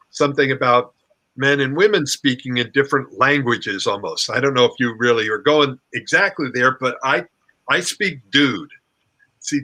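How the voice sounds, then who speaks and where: A middle-aged man speaks as a relationship coach in loose conversation. His voice is very bright and forceful. He talks playfully and animatedly, often acting out his reactions. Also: medium pitch. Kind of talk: casual conversation.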